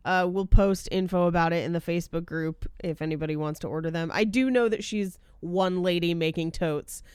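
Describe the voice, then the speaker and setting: A woman co-hosting a podcast in casual, unhurried, amused chat. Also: on the low side, darkish tone, clear, resonant tone, no room sound, clean studio sound. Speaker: podcast co-host.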